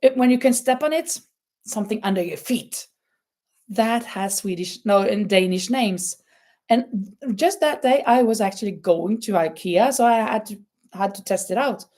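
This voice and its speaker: A woman's voice: medium pitch, lively intonation, normal speed, darkish tone. A woman with a Norwegian accent chatting casually on a live stream, laughing often and reading out viewer comments. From Norway. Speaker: crochet channel host.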